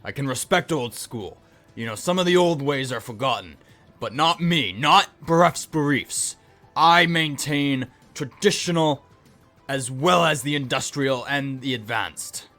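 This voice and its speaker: A man voicing a huge, boisterous male goliath armorer with a loud, hearty delivery. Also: a little slow, soft background music. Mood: admiring. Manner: booming, jovial, hearty.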